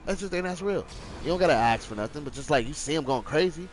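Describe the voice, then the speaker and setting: A man's voice: fairly high pitch, animated, fast, a little hiss or hum, low-quality recording. A young man streaming live, telling a rambling story in casual, profane slang.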